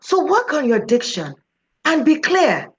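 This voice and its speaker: A woman's voice: high voice, big pitch swings, a little slow. A woman giving an emphatic motivational talk on speaking, often putting questions to her audience. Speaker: speaking coach. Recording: dull, slightly lo-fi recording.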